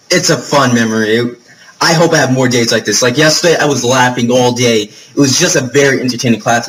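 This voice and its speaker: A man's voice: medium pitch, fairly bright tone, low-quality recording. A young man from New York talking straight to camera, telling rambling, profane stories full of fillers. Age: young adult. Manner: chatty, profane storytelling with lots of fillers. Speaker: vlogger. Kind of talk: casual vlog monologue.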